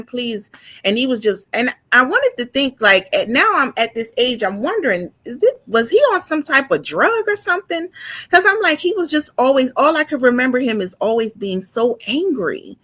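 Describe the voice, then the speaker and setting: Woman in her forties, halting and emotional. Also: on the high side, a bit bright. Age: 40s. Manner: halting, with many restarts and repeated words. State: emotional, close to tears. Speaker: guest sharing her story. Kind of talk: emotional personal testimony.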